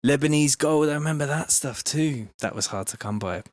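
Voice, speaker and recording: Speaking a little high and a little fast, the Bristol music producer livestreams in a clean, dry studio sound. He's laid-back and rambling as he works on a faintly playing track, cursing and voicing chat comments.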